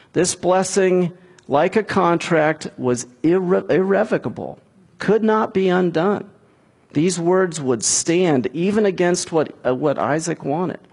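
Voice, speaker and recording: A middle-aged man preaching a sermon, retelling a scripture story and giving the characters' lines in a raised, animated voice. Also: high voice, breathy edge. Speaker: pastor.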